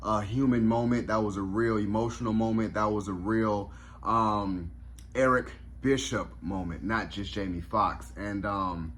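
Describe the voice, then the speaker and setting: A man with a fairly low voice talks through a review in a casual vlog. He is reflective and openly moved, and he often pauses on fillers and restarts his sentences. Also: fairly even intonation, fairly bright tone. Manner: reflective, emotional, many fillers.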